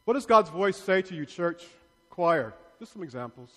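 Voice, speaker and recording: A priest giving a sermon in a large church, playfully asking the congregation questions and bantering with them. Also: male voice, high voice, big pitch swings, normal speed, faint music behind. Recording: long church reverb.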